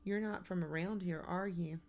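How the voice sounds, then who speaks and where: A woman's voice: fairly low pitch, steady tone, moderate pace, lightly acted. A woman reading an audiobook, voicing an eager, chattering four-year-old boy.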